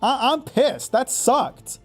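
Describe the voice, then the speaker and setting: A man's voice: very high voice, big pitch swings, slow, faint music behind. A man giving casual gameplay commentary, exasperated and profane, stammering and repeating words as he reacts. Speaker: gaming YouTuber.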